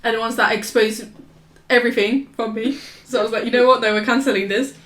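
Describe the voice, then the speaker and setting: A woman's voice: on the high side, steady tone, quick pace, fairly bright tone, a little hiss or hum. A young woman, telling stories in a casual podcast chat, rambling, restarting and laughing often. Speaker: podcast co-host. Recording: roomy echo.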